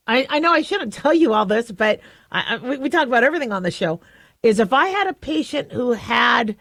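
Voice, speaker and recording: Chatty woman radio host, bright higher voice. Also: dry recording. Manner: chatty, self-deprecating, frequent restarts and laughs. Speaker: radio show host and physician. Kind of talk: casual talk radio monologue.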